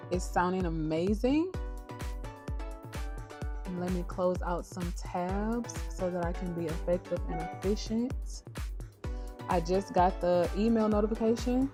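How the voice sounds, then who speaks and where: Slow-talking woman livestream host. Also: on the low side. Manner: chatty, upbeat, motivational, keeps checking in with viewers. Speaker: livestream host and dog breeder. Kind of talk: casual livestream chat. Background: soft background music.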